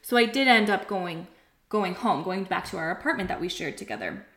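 A woman candidly telling a painful personal story, animated and emotional, acting out what others said. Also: on the low side, fairly quick. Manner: emotional, animated, acts out quoted voices. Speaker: podcast guest telling her story. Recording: roomy echo.

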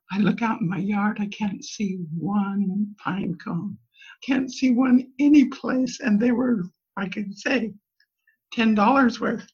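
An older woman, a grandmother, giving a church talk full of personal stories, told in a lively way and with the children's lines in a higher voice. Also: slightly rough. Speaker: church speaker. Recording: dull lo-fi recording.

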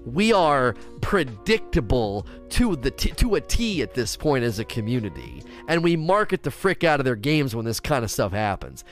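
A man's voice: mid-range voice, moderate pace, hardly any pauses, soft background music. A man ranting and chatting on a casual gaming livestream, reading viewer questions aloud and answering them. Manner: animated, ranting, reads chat questions aloud. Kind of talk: casual gaming stream chat.

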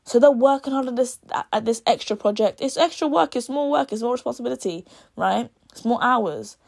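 A woman's voice: a little high, lively intonation, fairly quick, creaky, a little mellow. A young woman in a casual video, chattily retelling a novel's plot and acting out the characters' lines as she goes. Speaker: book reviewer.

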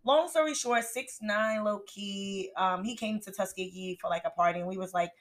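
A woman's voice: mid-range voice, normal speed. A young woman co-hosting a podcast, telling a story in casual chat and laughing often. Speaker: podcast co-host.

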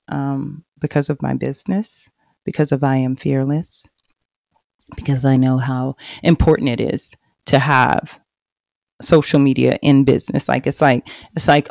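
A woman's voice: rumbling low, slow, creaky, long pauses, no echo, clean studio sound. Chatty Texan woman telling her story. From Texas. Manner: chatty and confiding, lively and loud when bragging, hushed and reflective later. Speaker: podcast host. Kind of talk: personal storytelling monologue.

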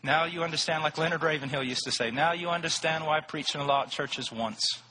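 A man preaching a sermon, telling a story with rising passion and shouting at its peaks. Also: on the high side, fast, a little hiss or hum. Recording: hall reverb.

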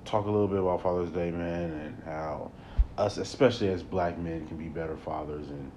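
A young man hosting a solo podcast, talking into a close mic in a rambling way, repeating words and working himself up into animated rants. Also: sits low, brisk, slight background noise. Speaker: podcast host.

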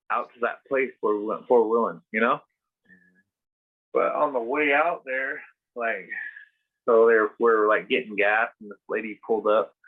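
With a husky, mid-range voice, a podcast host rambles casually through a story full of filler words and cursing. The sound is thin and phone-like.

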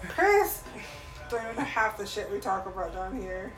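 A woman's voice: medium pitch, steady tone, brisk, recorded from a distance, music in the background. Woman, dry teasing casual talk, off-mic, echoey room, faint noise. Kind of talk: casual chat.

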